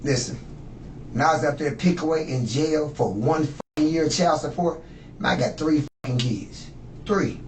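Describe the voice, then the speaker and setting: A man's voice: on the high side, moderate pace. A man in his fifties, a suspect being questioned, talking in a rambling, boastful and profane way. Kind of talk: rambling interrogation talk. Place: interrogation room. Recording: echoey room, distant mic, faint noise.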